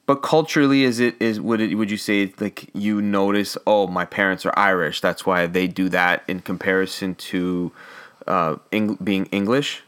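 A man's voice: sits low, steady tone, moderate pace, a bit bright, smooth. A man hosting a podcast, asking questions in casual chat, friendly and teasing, laughing easily. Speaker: podcast host.

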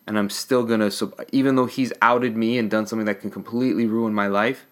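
A man as a podcast guest, talking about comics in a thoughtful, halting way. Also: lowish voice, steady tone. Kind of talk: casual comic book discussion.

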